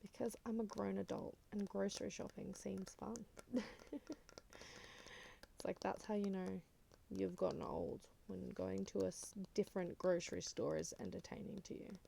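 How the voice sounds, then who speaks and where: An Australian woman chatting in a soft-spoken ASMR style, rambling and slipping in and out of a whisper. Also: mid-range voice, steady tone, moderate pace, vocal fry, a little hiss or hum. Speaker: ASMR creator.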